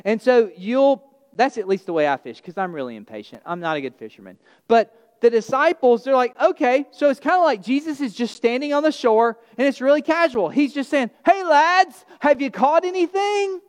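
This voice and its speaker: A male pastor delivers a sermon with an animated storytelling manner, and he acts out the characters as he goes. His voice sits high for a man. The sound carries a long reverb, as if it was recorded in a large hall. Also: brisk. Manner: animated storytelling, acting out the disciples' lines.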